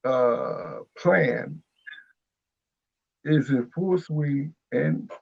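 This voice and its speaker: A man speaking slowly and haltingly with many pauses, preaching on spiritual matters. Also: mid-range voice, vocal fry, husky. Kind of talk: spiritual discussion. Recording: dull lo-fi sound.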